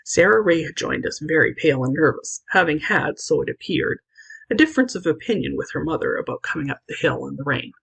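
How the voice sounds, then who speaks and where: Lively woman reading a storybook aloud. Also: sits low, fairly quick, gravelly, slightly rough, poor audio. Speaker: audiobook reader. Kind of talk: scripted storybook narration.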